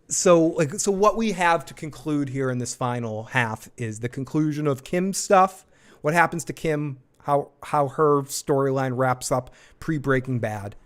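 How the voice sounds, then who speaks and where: A man hosting a live TV episode review, talking in an excited, rambling way, repeating himself and swearing now and then. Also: fairly high pitch, unhurried, clean tone. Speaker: show host.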